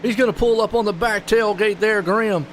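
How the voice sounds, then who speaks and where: A man calling a live sim race play-by-play, excitable and folksy. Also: high voice, normal speed, a little hiss or hum. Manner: excitable, folksy, puzzled asides. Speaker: race commentator.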